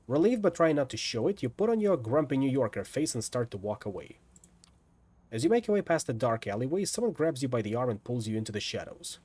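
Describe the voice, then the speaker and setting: Male streamer reading a story game aloud, lively delivery with playful asides. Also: medium pitch, breathy edge. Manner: lively, lightly dramatic narration with asides. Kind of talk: reading a visual novel aloud.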